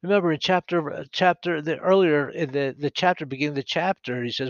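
A man teaching scripture on a podcast, earnest and animated, reading verses aloud and sometimes restarting his sentences with a self-deprecating humor. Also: a little high, fast, no room sound. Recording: dry, slightly dull recording.

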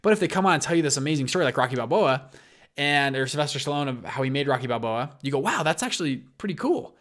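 A man's voice: medium pitch, rapid-fire. A man hosting a show, casually retelling stories and acting out the quoted lines. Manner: animated, acts out quoted lines, frequent restarts. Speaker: show host. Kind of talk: casual storytelling talk.

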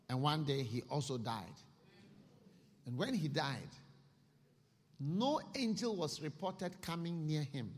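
A man preaching a sermon, telling a story in an animated way at a church service. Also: on the high side, takes it slowly, pauses often. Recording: echoey hall.

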